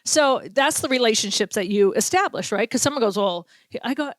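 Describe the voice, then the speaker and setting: Lively storytelling woman, Boston accent. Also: fairly high pitch, fairly quick, dry recording. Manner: animated storyteller, acts out quotes, laughs often. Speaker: podcast host, sports reporter. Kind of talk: casual storytelling chat.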